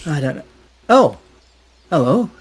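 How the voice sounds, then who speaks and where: A man doing an exasperated gruff adventurer. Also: fairly high pitch, sing-song, a little slow, slight background noise, pitched above the performer's own voice. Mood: grumbling. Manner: exasperated grumbling, loud bursts. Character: gruff grumbling male adventurer with a dog.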